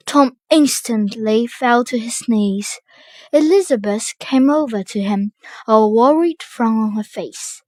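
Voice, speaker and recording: A woman reads a children's storybook aloud with slow, careful expression. Her voice sits somewhat high for a woman, and the recording is close and dry with no room sound. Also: darkish tone, no room sound. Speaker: storybook reader.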